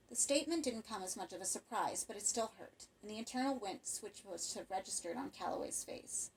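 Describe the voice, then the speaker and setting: A woman reads a horror short story aloud as audiobook narration, with measured, expressive storytelling. Her mid-pitched voice sits over a faint layer of background noise. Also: poor audio. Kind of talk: scripted narration.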